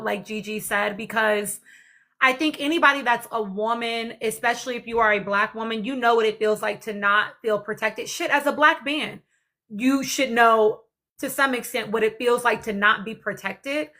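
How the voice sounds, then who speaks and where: A woman's voice: fairly high pitch, normal speed, sharp tone. A woman hosting a live panel discussion, earnest and reflective, calling her viewers y'all. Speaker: live stream host.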